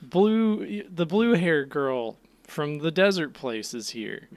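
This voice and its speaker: A man's voice: on the high side, takes it slowly, a crowd in the background. A man co-hosting a casual podcast chat, laughing often and swearing freely. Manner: laughing, profane, animated. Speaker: podcast co-host.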